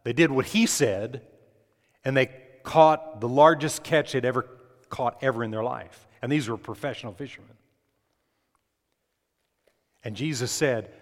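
A man preaching an emphatic sermon, pitched in an ordinary middle range. He puts questions straight to the congregation, and a long reverb trails each phrase. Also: normal speed, long pauses. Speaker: pastor.

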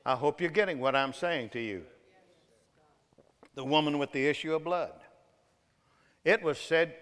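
A man preaching a sermon, swinging from loud, sudden bursts to soft, hushed lines. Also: on the high side, measured pace, pauses often. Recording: echoey hall with long reverb.

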